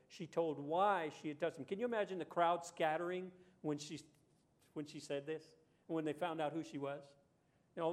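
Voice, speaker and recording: Male pastor, slightly raised pitch; conversational sermon with rhetorical questions and voiced quotes. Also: a little mellow.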